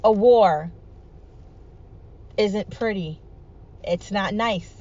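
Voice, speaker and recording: A woman's voice: mid-range voice, very slow, a little mellow, highs cut off. A woman talking alone in an emphatic, repetitive, rallying way, swearing freely. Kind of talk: solo monologue vlog.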